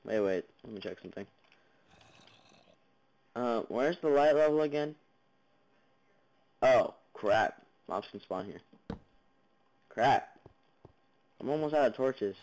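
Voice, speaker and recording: A man's voice: mid-range voice, expressive, slow, long pauses, darkish tone, rough recording. Jumpy young man narrating a block game. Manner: jumpy, chatters at monsters and viewers, sudden yelps. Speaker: gaming channel host. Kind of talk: Minecraft let's play commentary. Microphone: basic computer mic, no headphones.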